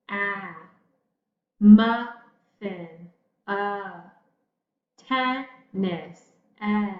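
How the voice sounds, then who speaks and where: A woman teacher giving a patient phonics lesson to children, speaking slowly and pausing for answers. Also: fairly high pitch. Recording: echoey room, slightly dull sound.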